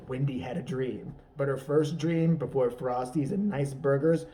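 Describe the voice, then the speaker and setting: A man's voice: medium pitch, measured pace, mellow, far from the mic. A man riffing through an improvised, profane comedy rant, rambling and laughing at his own jokes. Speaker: comedy vlogger.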